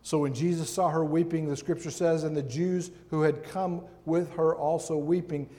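A man preaching a sermon in a large hall, his fairly high voice carrying with a long reverb behind it. He takes his time, leaning on words with slow, emphatic pauses. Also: dark tone. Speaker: guest preacher.

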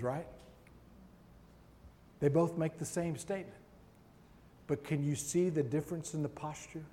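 Slow, emphatic man preaching in a hall. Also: on the high side. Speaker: guest preacher. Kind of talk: sermon. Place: large hall. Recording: long hall reverb.

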